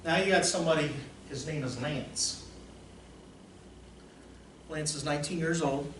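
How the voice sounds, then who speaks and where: A man acting as a motivational coach, telling stories in an emphatic, repetitive way that swings between soft and loud. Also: mid-range voice. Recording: roomy echo, distant mic, faint noise.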